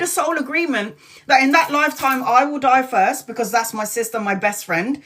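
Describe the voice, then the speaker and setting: A woman's voice: sits high, moderate pace, a bit bright. A woman hosting a live tarot reading, talking candidly, swearing freely and repeating her points with emphasis. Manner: earnest and emphatic, repeats lines. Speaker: tarot reader.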